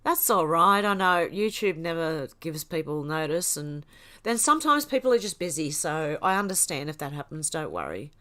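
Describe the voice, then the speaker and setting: A woman's voice: low voice, expressive, normal speed, pushed and bright. A woman hosting a casual livestream, reading chat comments aloud and laughing often. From Australia.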